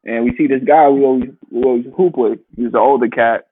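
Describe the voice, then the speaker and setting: A man in his twenties in a casual chat, telling stories in a relaxed way and laughing along. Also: medium pitch, fairly quick, husky, no room sound. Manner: relaxed storytelling with laughter and voiced quotes. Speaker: podcast co-host. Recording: thin phone-like line.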